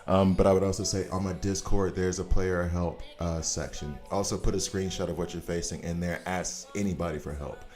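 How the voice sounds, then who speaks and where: A man in his forties from the United States chats his way through a game livestream, drifting off topic and laughing easily. His voice sits low and deep. Quiet music plays faintly behind him. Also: steady tone. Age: 40s. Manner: rambling, chatty, quick to laugh. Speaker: game streamer. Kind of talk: casual livestream commentary. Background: faint background music.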